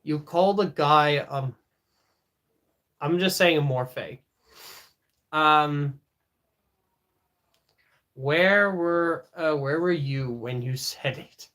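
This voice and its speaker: A man's voice: on the high side, extremely slow, long pauses, pushed and bright. A man streaming live, chatting casually with viewers, laughing often and talking to his dog.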